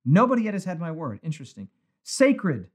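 A man's voice: fairly high pitch, wildly swooping pitch, a little fast, breathy edge. A male pastor leading a live-streamed Bible study, reading viewers' comments aloud with enthusiasm.

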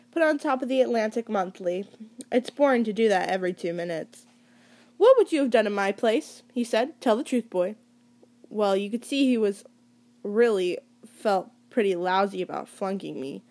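A woman's voice: medium pitch, darkish tone. A woman reading a first-person novel aloud in a casual, conversational way, with small slips and restarts. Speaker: reader.

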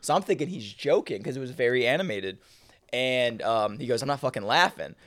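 A young man co-hosting a casual podcast, telling a story with lively reenacted dialogue and cursing. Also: medium pitch, a little fast, dry recording. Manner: animated, reenacts dialogue, swears. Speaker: podcast co-host.

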